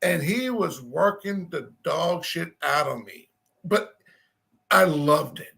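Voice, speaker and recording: A man's voice: on the high side, expressive, takes it slowly, vocal fry, bright, forceful tone. A man telling a rambling, self-deprecating story in a casual chat.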